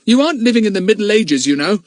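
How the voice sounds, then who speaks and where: In a clean studio recording with no room sound, a man performs a fiery, defiant British schoolboy, pushing his voice higher than his natural pitch. The delivery is exaggerated and very animated but slow, his raised, indignant tone full of fury.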